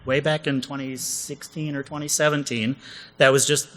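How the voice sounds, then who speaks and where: A man's voice: medium pitch, flat delivery, normal speed, a bit bright, poor audio. A man co-presenting a comedic conference session, chatty and jokey, often asking the audience questions.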